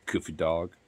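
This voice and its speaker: A man's voice: low-pitched, a little mellow, husky. A man vlogging in a rambling, filler-heavy casual chat, now and then talking to his dogs.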